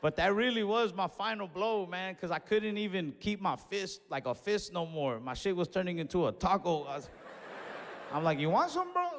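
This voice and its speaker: A young man doing stand-up comedy, telling a story in casual slangy talk and breaking into loud acted-out yells. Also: high-pitched, normal speed. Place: comedy stage in a large venue. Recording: live show in a reverberant hall with audience.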